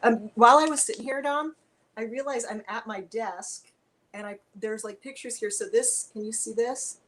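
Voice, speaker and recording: A woman guest on a video-call Q&A, chatting in a lively, rambling way. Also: fairly high pitch, normal speed, low-quality recording. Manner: chatty, animated, tangents.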